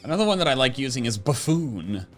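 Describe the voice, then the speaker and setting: A man's voice: mid-range voice, very animated, quick pace, a bit bright, faint music behind. A young man co-hosting a casual gaming chat, easygoing and rambling with lots of fillers. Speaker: co-host of a gaming channel.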